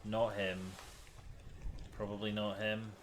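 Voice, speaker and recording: A man's voice: lowish voice, monotone, slow pace, background noise. A man streaming a detective game, thinking aloud in casual commentary, muttering, sighing and swearing when stuck.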